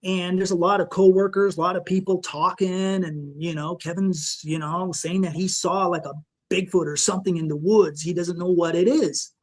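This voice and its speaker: A man guest on a podcast, recounting a frightening personal encounter in a halting, emotional way, full of restarts and "you know". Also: high-pitched, steady tone. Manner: shaken, emotional retelling.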